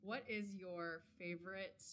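A woman's voice: lowish voice, fairly even intonation, unhurried, fairly bright tone, slight background noise. A young woman, fitness center staff, asking casual interview questions in a friendly, upbeat way.

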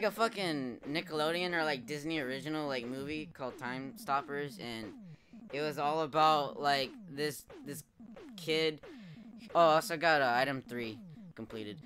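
A young man commenting live on his gameplay, swearing a lot, laughing often and yelling at the game when he fails. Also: a little high. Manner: profane, excitable, laughs often, shouts at the game. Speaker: streamer playing a retro game. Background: game music.

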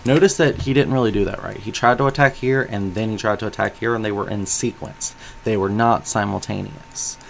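A man's voice: on the low side, steady tone, fairly quick, vocal fry, few pauses, a little hiss or hum. A man giving analytical commentary on a strategy game, coaching the viewer and asking them questions.

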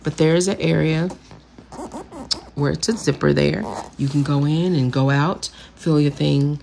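Lady gushing over her haul, lowish gravelly voice, chatty. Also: fairly even intonation, a little slow, dark tone, a little hiss or hum. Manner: gushing, chatty, says "y'all" often. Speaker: vlogger showing purchases. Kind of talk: casual haul video chat.

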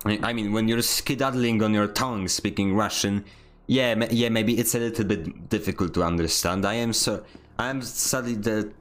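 Playing a game on stream, a young man jokes around, rambles, pokes fun at himself, and laughs a lot. He speaks at normal speed in a voice on the low side with fairly even intonation.

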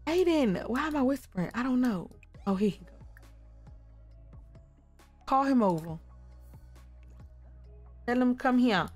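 A woman's voice: fairly high pitch, measured pace, long pauses, soft background music. A woman casually commenting on her life-simulation game, talking to the characters and exclaiming at what they do. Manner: animated, exclaiming, talks to the characters. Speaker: gaming YouTuber.

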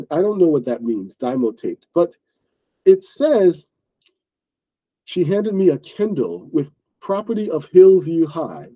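A man with a mellow, mid-range voice hosts an online English book club, explaining a story in a loose, rambling way with many fillers and restarts, like a casual lesson. The audio is poor.

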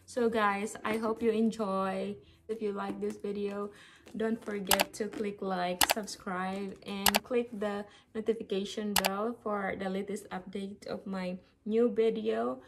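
Slow, gushing woman unboxing on a vlog. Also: medium pitch, noisy background. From Philippines. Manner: gushing, excited exclamations. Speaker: vlogger.

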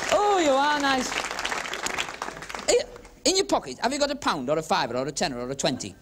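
A cheeky man delivers quick comic magician's patter, his voice sitting high and swooping up and down. A club crowd laughs loudly around him in a noisy 1970s TV recording. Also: lively intonation. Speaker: comedy magician. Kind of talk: stand-up patter with card tricks. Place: working men's club stage before a live audience.

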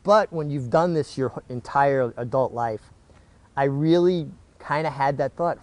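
A middle-aged man speaks at an ordinary pitch, telling his story in a relaxed interview. He talks animatedly, often restarting his sentences as he goes. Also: moderate pace. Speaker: former jockey, interview guest.

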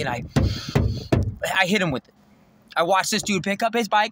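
The background is noisy as a man with a fairly high voice talks briskly from his parked car in a lot. His storytelling vlog is boastful, agitated and full of profanity.

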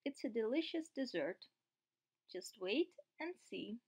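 Woman voicing a gentle calm queen, soft, slow, fairly high. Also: husky, full character voice.

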